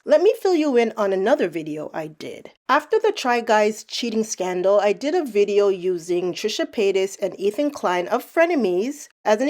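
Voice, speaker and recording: A woman's voice: mid-range voice, darkish tone. A woman narrating a commentary video in a casual, pointed, sarcastic way. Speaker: commentary YouTuber.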